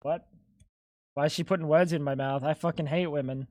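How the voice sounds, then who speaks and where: A man's voice: a little high, fairly even intonation, a little fast, darkish tone, dry recording, studio quality. An Australian man streaming a game, bantering casually with friends, swearing a lot and joking with mock indignation.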